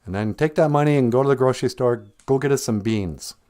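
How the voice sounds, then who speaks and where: A man voicing a bossy, exasperated mother who nags her son with rapid-fire orders. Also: medium pitch, dark tone, natural voice.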